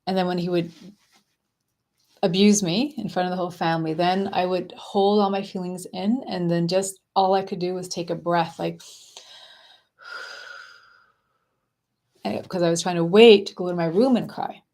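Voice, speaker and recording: A woman coaching viewers on a casual live stream, talking in a soft, dreamy and effusive way. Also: on the low side, steady tone, brisk. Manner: gushing, affectionate and effusive; soft, dreamy spiritual phrasing.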